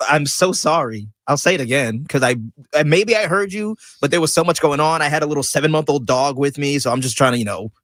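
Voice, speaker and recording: Fast-talking male radio co-host. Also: fairly high pitch, animated, a bit bright, no echo. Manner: apologetic, laughing easily. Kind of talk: casual radio banter. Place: radio studio.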